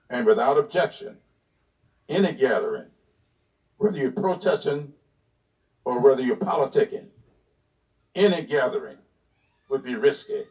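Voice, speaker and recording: A committee chairman speaks with a gravelly, creaky edge and a firm hold on the room. He sits well back from the microphone. The audio is dull, with a muffled hearing-room quality. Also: mid-range voice, distant mic. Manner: firm, gravelly, asserting control.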